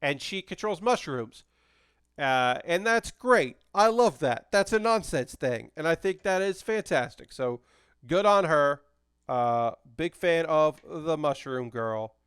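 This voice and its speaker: A man chatting casually on a live stream while assembling a model kit, with a smooth, fairly high voice. He rambles animatedly, full of fillers and restarts, recorded dry and close to the mic. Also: lively intonation, takes it slowly, fairly bright tone, dry recording.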